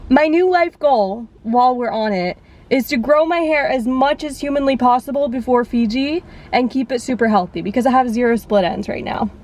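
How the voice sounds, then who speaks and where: A woman's voice: high-pitched, normal speed, darkish tone, poor audio. A young woman vlogging to camera, rambling with lots of "like" and close to tears. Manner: rambling, emotional, frequent "like" fillers. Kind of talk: casual vlog talk to camera.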